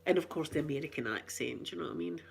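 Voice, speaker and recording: A woman's voice: low voice, lively intonation, racing, vocal fry, breathy edge. A middle-aged Scottish woman chatting casually for her ASMR channel, rambling through cheeky, self-mocking stories. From Scotland.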